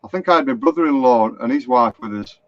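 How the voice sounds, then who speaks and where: A man's voice: medium pitch, fast, no echo. A middle-aged man with a Lancashire accent, rambling through anecdotes on a live stream and reading out viewer comments. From Lancashire, England. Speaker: motorhome vlogger. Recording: dull lo-fi live stream, dry.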